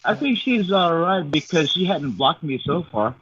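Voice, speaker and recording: A man's voice: fairly high pitch, lively intonation, normal speed, noisy background. Laid-back man on a dull line. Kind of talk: casual chat.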